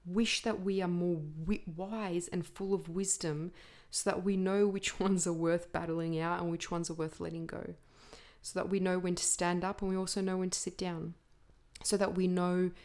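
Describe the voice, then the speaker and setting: Slow, earnest woman podcaster. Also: lowish voice, a little mellow. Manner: slow, deliberate and earnest, with pauses between list items; puts on a playful imitation voice for a quoted speaker. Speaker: podcast host. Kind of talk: self-help talk.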